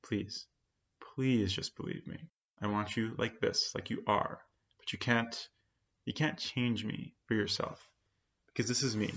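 Soft, earnest and often hushed, this is a tender young woman pleading with the man she loves, read by a man narrating a story. The voice sits low and carries a gravelly edge. The recording sounds dull and lo-fi. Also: steady tone, unhurried.

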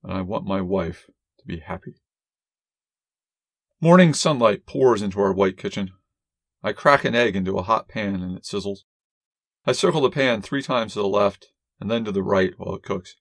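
A man narrating a first-person story as an audiobook reader in a measured, wry, deadpan way. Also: on the low side, no room sound.

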